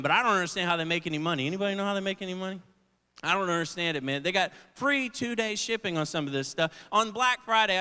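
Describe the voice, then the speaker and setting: A man doing a stand-up set in a big theater, his voice high and bright with a smooth, clear ring. He swears freely and slips into the voices of the people in his stories, and the room's reverb trails after each line. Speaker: stand-up comedian. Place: large theater stage. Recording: live theater with long reverb.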